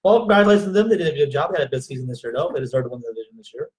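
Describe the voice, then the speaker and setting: A man's voice: on the high side, animated, racing, darkish tone. A middle-aged man making brief, dry remarks in a casual live chat. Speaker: co-host, husband.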